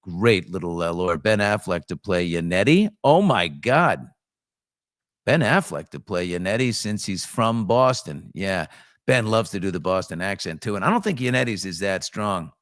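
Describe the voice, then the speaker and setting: A man's voice: sits low, expressive, moderate pace, no echo, studio quality. A man hosting a casual chat show, reading viewer comments off the cuff with frequent ums and restarts. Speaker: host.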